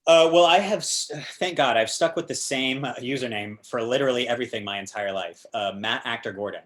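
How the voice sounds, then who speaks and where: A man from the American South, a guest actor, chatting casually and telling animated stories with plenty of fillers. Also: medium pitch, a little fast. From Georgia, US South. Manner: animated storyteller, many fillers. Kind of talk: casual interview chat.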